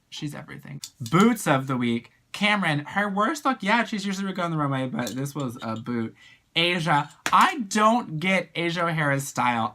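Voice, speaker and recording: A drag performer reviewing an episode in a casual video, talking in animated, slang-filled bursts. The voice has a bright, forceful edge and a middling pitch, and it leaps high whenever excitement hits. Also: a little hiss or hum.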